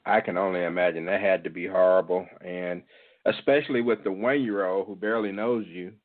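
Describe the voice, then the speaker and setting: A man's voice: sits low, steady tone, fairly quick. A male host interviewing a guest, sympathetic and asking short questions. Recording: tinny phone line.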